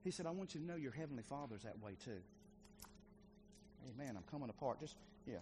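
A middle-aged male pastor preaching a sermon, swinging between loud and hushed delivery. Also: mid-range voice, animated, fast talker, background noise. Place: church sanctuary.

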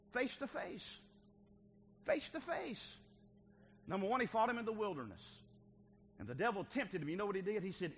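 A male pastor preaching a sermon to his church, moving from quiet teaching to shouted exhortation. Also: sits high, long reverb tail, slight background noise.

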